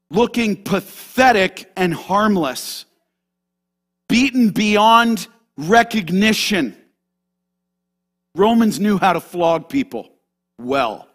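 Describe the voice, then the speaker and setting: Male pastor, high-pitched, dramatic sermon delivery with sharp loud-to-quiet swings. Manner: dramatic, swings from loud shouted quotes to hushed asides.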